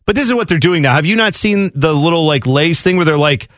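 Animated male radio co-host, dry studio. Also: on the high side, dry recording. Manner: animated, quick asides and mock quotes. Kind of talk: casual radio banter.

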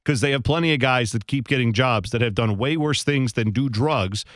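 A man co-hosting a radio talk show, arguing his point in a rambling way with halting restarts. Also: medium pitch, no echo, studio quality. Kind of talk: casual banter.

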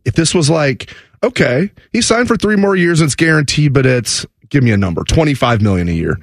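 A man's voice: a little high, animated, brisk, no room sound, studio quality. A man filling in as co-host on a sports radio show, talking through his views in a conversational way, thinking aloud with restarts and asides. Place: radio studio.

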